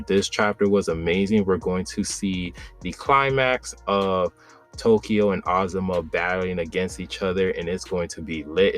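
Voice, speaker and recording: In a low voice, a man hosting his own channel recaps and reviews a manga chapter. His delivery is loose and enthusiastic, packed with "like" and "bro."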